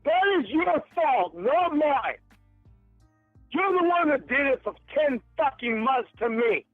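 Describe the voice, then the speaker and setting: A man's voice: very high voice, lively intonation, slow, no echo, soft background music. An angry man on a phone call, accusing and swearing heavily, heard over a tinny phone line.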